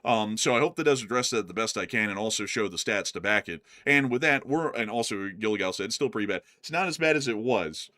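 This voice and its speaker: A man with a fairly low voice talks through viewer questions on a live stream. He speaks casually and conversationally, often pausing on fillers and restarting his sentences. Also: animated, pushed and bright. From United States. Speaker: co-host answering viewer questions.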